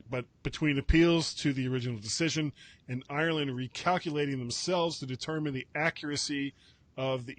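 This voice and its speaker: A podcast host with a mid-range voice leads a casual tech news chat, rambling, correcting himself, and tossing in wry asides. There's no room sound.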